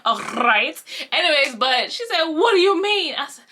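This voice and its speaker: A young woman telling a casual storytime vlog, animated and acting out the voices of the people she quotes. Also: sits high, moderate pace. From Haitian family. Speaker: vlogger.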